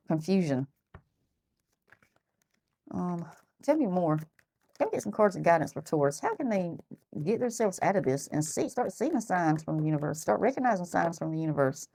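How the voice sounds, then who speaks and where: A woman's voice: on the low side, a little mellow. A woman giving a casual tarot reading who talks bluntly, thinks aloud and repeats herself. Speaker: tarot reader.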